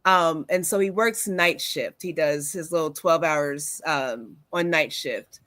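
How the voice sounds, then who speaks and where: A woman's voice: deep voice, slow, no echo. A woman in her forties hosting a wellness talk show, telling stories casually with many fillers. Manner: warm storytelling with many fillers. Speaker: host.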